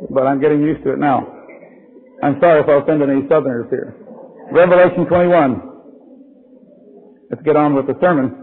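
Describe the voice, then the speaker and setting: A hoarse man with a fairly high voice preaches to a congregation, trading folksy humor for slow, emphatic questions. The old recording sounds thin and phone-like, and the hall gives it a long, lingering echo. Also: steady tone. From California. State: hoarse with laryngitis. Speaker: guest preacher. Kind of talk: sermon to a live congregation. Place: church hall with live audience.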